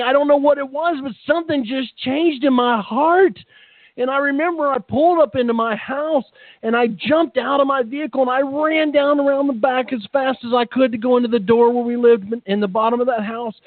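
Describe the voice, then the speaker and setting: A man telling his conversion story as a testimony, fervent and halting, often repeating words. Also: very high-pitched, no room sound. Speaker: testimony speaker. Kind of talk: emotional personal testimony. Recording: tinny phone-like line, dry.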